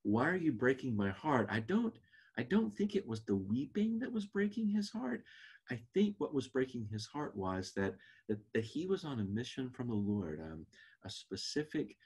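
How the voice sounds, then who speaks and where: A man's voice: mid-range voice, very animated, moderate pace, darkish tone, breathy edge. A man teaching a Bible class lesson in an earnest, reflective way.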